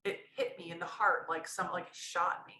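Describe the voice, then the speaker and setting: A woman's voice: fairly low pitch, steady tone, moderate pace, bright, forceful tone, roomy sound, a little hiss or hum, poor audio. A woman guest telling a raw personal story in a candid, rambling way, often restarting her sentences. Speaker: podcast guest.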